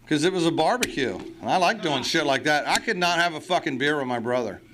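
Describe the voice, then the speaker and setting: A man's voice: fairly high pitch, animated, fast. A man speaking at a recovery meeting, blunt and profane, with self-mocking humor. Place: meeting hall.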